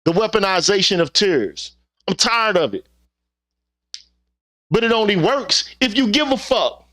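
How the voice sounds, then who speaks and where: Hosting his own channel, a man delivers a heated opinion monologue full of profanity and repeated rhetorical questions. His voice sits high, animated and unhurried, with a bright, forceful tone.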